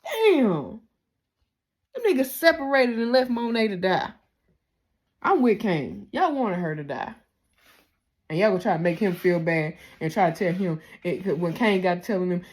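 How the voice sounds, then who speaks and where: A woman recaps a TV episode in a loose, heated rant. She fires off profane rhetorical questions at her audience. Her pitch and loudness swing widely as she gets worked up. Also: lively intonation, normal speed, pauses often. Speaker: TV recap host.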